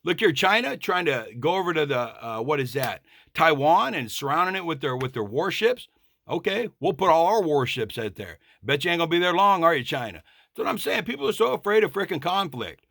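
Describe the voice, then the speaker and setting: Man on a profane, emphatic rant; gravelly, bright tone with lots of swing. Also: fairly high pitch, very animated, moderate pace, no echo. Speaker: vlogger. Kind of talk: political rant monologue.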